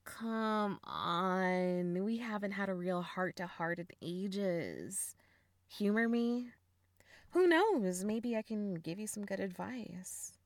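A woman's voice: mid-range voice, expressive, slow pace, dry recording, clean studio sound. A young woman playing a blunt, teasing older sister in an audio role-play, swearing freely and laughing often. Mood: coaxing.

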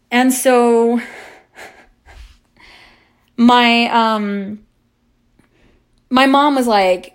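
A young woman rambles through a personal story in a loose, chatty way, filling her talk with "like" and the odd curse. Her voice sits a little high, with a gravelly fry at the ends of phrases. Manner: chatty, heavy use of "like", swearing, dramatic retelling. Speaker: amateur audio creator. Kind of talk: casual storytime monologue.

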